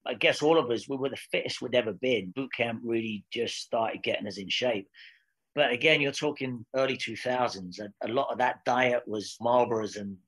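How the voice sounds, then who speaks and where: A Scottish man in his forties spins lively anecdotes in a relaxed interview. His voice sits at an ordinary middle pitch, and he keeps breaking into laughter. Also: moderate pace, slightly rough, low-quality recording. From Scotland. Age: 40s. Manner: lively storyteller, laughs easily. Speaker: actor guest. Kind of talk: casual interview chat.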